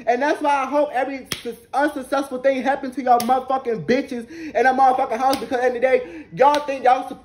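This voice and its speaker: A man's voice: very high voice, slight background noise. A man in his twenties telling an angry, profane storytime rant to camera, repeating lines for emphasis. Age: 20s. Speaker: vlogger.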